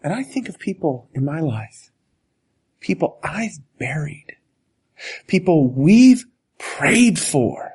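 Slow, husky-voiced male preacher. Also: a little high, big pitch swings, darkish tone. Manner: slow, earnest preaching with dramatic pauses and sudden drops to a whisper. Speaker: pastor. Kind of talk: sermon.

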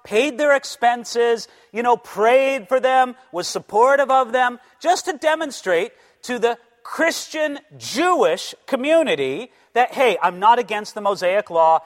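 Animated high-voiced preacher in a hall. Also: male voice, moderate pace, few pauses. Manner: animated storytelling, acting out quoted voices. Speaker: pastor. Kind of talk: sermon.

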